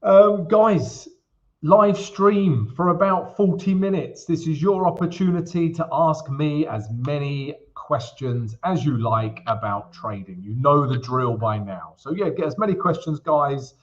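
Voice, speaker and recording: Friendly male stream host, upbeat and chatty, a bit high-pitched, muffled lo-fi audio. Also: a little slow. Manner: upbeat, chatty, greets viewers by name. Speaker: trading livestream host. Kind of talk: casual livestream chat and chart walkthrough.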